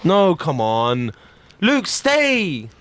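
A man from England co-hosting an improvised comedy sketch, theatrical and animated, his voice moving from loud outbursts to hushed banter. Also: on the high side, drawn-out words. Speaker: comedy podcast co-host.

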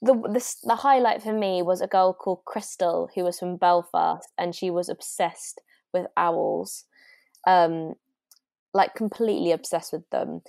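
A woman's voice: fairly low pitch, steady tone, a little slow, creaky, a little mellow, no echo, clean studio sound. A woman co-hosting a podcast, chatting casually and gushing enthusiastically about shows. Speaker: podcast co-host. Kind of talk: casual chat.

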